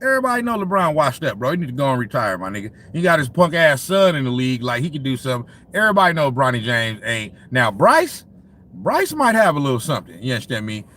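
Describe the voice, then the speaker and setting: A man's voice: medium pitch, big pitch swings, fast, bright, forceful tone. A man hosting a sports talk livestream, ranting casually with lots of profanity and frequent laughter as he talks to his chat.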